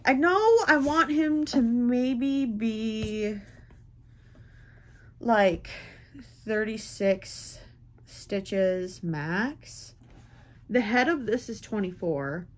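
A young woman talks to the camera as she crochets at home. She rambles, thinks aloud and pokes fun at herself in a relaxed, chatty way. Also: fairly high pitch, very slow, long pauses. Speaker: crochet vlogger. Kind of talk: casual chat while crocheting.

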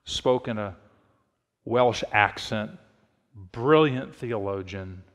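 Middle-aged preacher in a reverberant sanctuary. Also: male voice, fairly low pitch, slow pace. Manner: storytelling, swells to emphatic shouted peaks. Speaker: pastor. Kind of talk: sermon. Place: church sanctuary.

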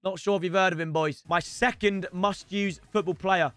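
A young man chats away while he plays a football game live, forever calling out to the lads. His voice sits high and sounds bright and crisp. The recording is dry and close. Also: steady tone, normal speed, no echo. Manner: chatty and playful, keeps addressing viewers as lads and boys. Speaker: streamer. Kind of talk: gaming livestream commentary.

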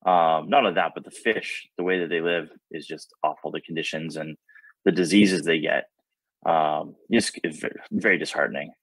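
A man on a panel speaking in a hesitant, halting way. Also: very deep voice, fairly even intonation, a bit bright, husky, no room sound, low-quality recording. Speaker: crew member. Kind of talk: casual panel chat.

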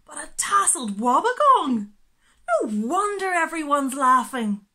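A woman's voice: mid-range voice, very animated, unhurried, fairly bright tone, husky, exaggerated voice. A woman voicing a curious fried egg jellyfish in a children's story, exclaiming in surprise. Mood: amazed.

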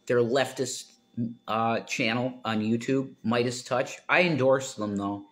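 A middle-aged man talking in a rambling, casual monologue, trailing into mumbles and then rising into loud exasperation. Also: medium pitch, unhurried. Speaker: political commentator.

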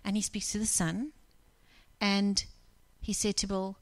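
A woman's voice: mid-range voice, little pitch movement, unhurried, dry recording. A woman preacher telling a story in a conversational sermon, acting out the dialogue of the people in it. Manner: conversational, retells scenes with quoted dialogue. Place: church.

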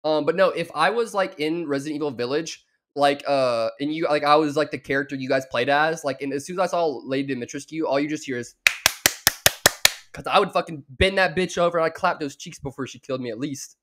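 A man's voice: fairly high pitch, fairly quick, a bit bright. A young man from the American South with a Southern accent, rambling crudely and mockingly while reacting to a show as a streamer. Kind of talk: profane reaction commentary.

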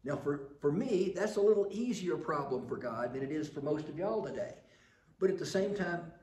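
A man's voice: fairly high pitch, expressive, moderate pace, a little mellow, echoey room. An older man preaching a sermon, telling stories and building to emphatic passages. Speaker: pastor.

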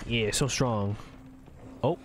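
A man's voice: mid-range voice, takes it slowly, background noise. A man streaming a video game, commenting live in a profane, goofy way with silly voices. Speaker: gaming streamer.

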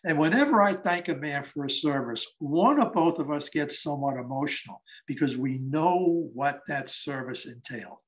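80s man telling stories, slightly high voice. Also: lively intonation, moderate pace, few pauses, rough recording. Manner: conversational, acts out dialogue in his stories. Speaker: guest speaker. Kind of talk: storytelling talk. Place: public library event.

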